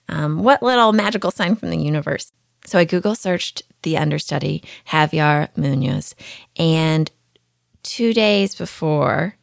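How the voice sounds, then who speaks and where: A woman's voice: low-pitched, gravelly, dry recording, clean studio sound. A woman hosting her own podcast, talking through a personal story in a chatty, candid, self-deprecating way. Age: adult mother. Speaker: podcast host. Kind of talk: casual podcast monologue.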